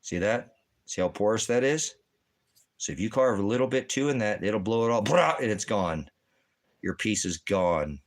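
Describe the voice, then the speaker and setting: A man vlogging in casual chat, rambling and repeating himself with halting restarts. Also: on the low side, lively intonation.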